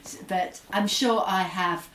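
A middle-aged Scottish author with an English accent speaks thoughtfully as a guest in a reflective interview, hesitating and using fillers often. Her medium-pitched, slightly bright voice is slow and fairly even, recorded far from the mic in an echoey room.

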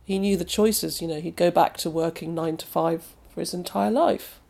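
A woman's voice: lowish voice, fairly even intonation, moderate pace, vocal fry, a little mellow. A woman with an English accent, a novelist talking through an interview in a reflective, conversational way, often restarting her sentences.

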